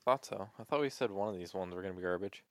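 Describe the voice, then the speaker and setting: A man's voice: deep voice, quick pace, no room sound, clean studio sound. A young man co-hosting a casual chat, talking loosely with lots of fillers and swearing. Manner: loose, swears often, trailing filler words. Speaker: podcast co-host.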